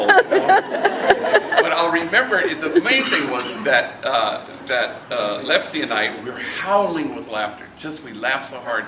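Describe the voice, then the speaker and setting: A middle-aged priest giving a relaxed storytelling reflection at a morning meeting, sprinkling in Spanish slang and acting out the voices of the people he quotes. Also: mid-range voice, normal speed, over a noisy crowd. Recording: echoey room, from far off, noisy.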